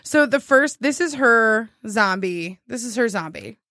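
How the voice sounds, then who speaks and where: A woman's voice: fairly high pitch, expressive, a little slow, fairly bright tone, dry recording, clean studio sound. A woman hosting a casual chat, telling a funny story and laughing often. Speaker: podcast host.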